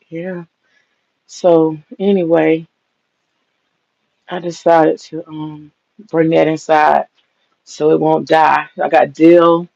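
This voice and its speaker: A woman livestreaming from her kitchen, talking in a blunt, profane, rambling way. Her voice has a gravelly edge. The audio sounds a little dull and lo-fi, like a phone stream. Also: fairly low pitch, a little mellow. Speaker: livestreaming vlogger. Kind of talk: casual livestream chat. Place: home kitchen, indoors.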